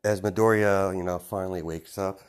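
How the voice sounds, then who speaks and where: Rambling low-voiced storyteller man. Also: fairly even intonation, moderate pace, clear, resonant tone. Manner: rambling, many fillers, chuckling often. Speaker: fan storyteller. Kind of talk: casual improvised storytelling.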